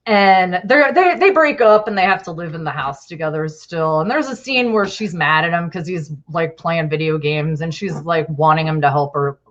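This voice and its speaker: A woman co-hosting a podcast in casual chat, animated and rambling, often acting out quotes. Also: low voice, moderate pace, few pauses. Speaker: podcast co-host. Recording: dull lo-fi sound.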